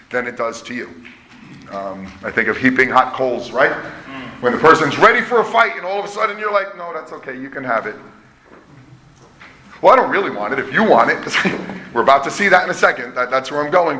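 A man's voice: on the high side, pushed and bright. A middle-aged man preaching a conversational, emphatic sermon as pastor. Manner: conversational, emphatic, self-deprecating. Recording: echoey room with faint hum.

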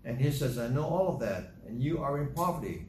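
A man preaching a sermon in a medium voice, leaning hard on key words and repeating them. He slows way down when reading scripture. The room rings with echo, and a faint hiss sits underneath. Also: medium pitch, lively intonation, a little mellow. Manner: emphatic, repeats phrases, reads scripture slowly. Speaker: pastor. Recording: echoey room with faint noise.

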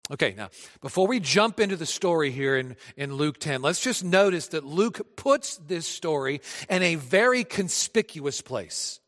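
A male pastor preaching a sermon, conversational and animated, speaking directly to his congregation in a church. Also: on the high side, a little slow, long reverb tail.

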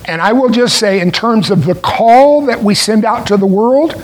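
A man preaching a sermon, explaining a scripture passage in a deliberate way with pauses. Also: sits high, a little hiss or hum, poor audio. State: clearing his throat.

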